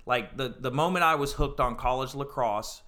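A man's voice: mid-range voice, moderate pace, sharp tone. A young man as a guest on a casual podcast, talking eagerly as a fan, with lots of ums and likes. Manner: eager, enthusiastic fan talk with many fillers.

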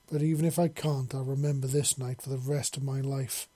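Young human woman, earnest, wondering, played by a male reader, husky, dry. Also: mid-range voice, flat delivery, a little fast, warm tone, dry recording, close to an everyday voice. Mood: tender.

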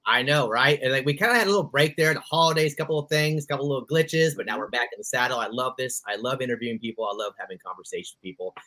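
Bright, eager male podcast co-host. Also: mid-range voice, very fast, hardly any pauses. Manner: enthusiastic, easily sidetracked. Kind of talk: casual podcast chat.

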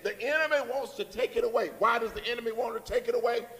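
A man with a high voice delivers a Sunday sermon from the pulpit. He calls out for the congregation to respond and builds his lines with rising emphasis. His words ring with the long reverb of a church hall. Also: quick pace, creaky, a bit bright. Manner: call-and-response preaching, rising emphatic phrases. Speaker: preacher. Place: church sanctuary.

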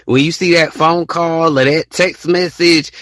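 A man's voice: fairly high pitch, fairly even intonation, a little slow, fairly bright tone, no room sound. A young man hosting a casual solo podcast, rambling and repeating himself as he acts out text conversations. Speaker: podcast host.

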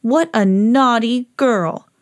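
A woman reading aloud, voicing a stern but loving woman scolding her dog in a children's story, slow and emphatic. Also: on the high side, no echo, clean studio sound.

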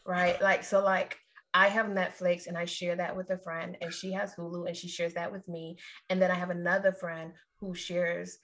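A woman's voice: fairly low pitch, little pitch movement, normal speed, fairly bright tone. A woman co-hosting a podcast in casual chat, meandering and chatty, with asides to the listeners. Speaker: podcast co-host.

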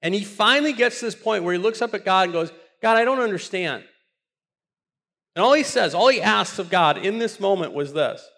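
A man's voice: sits high, expressive, quick pace, few pauses, bright, forceful tone. A man preaching a sermon with passion, often repeating words as he builds up a point. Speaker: pastor.

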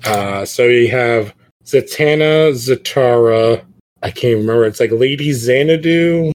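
A man's voice: mid-range voice, unhurried, darkish tone. A young man hosting a casual comic book podcast, talking in a rambling way with many fillers. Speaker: podcast host.

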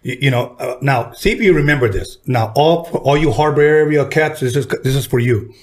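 A man hosting a casual talk, telling a story with animated delivery and acting out the voices of people in it. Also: brisk. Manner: animated, acts out quoted voices with jumps in pitch. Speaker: podcast host telling a story.

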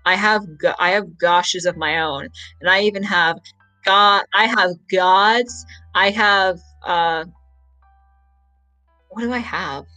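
A man's voice: sits high, bright, forceful tone, soft background music, rough recording. Male podcast host, casual, rambles and stammers. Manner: rambling, stammering, quick to laugh. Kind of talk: casual chat.

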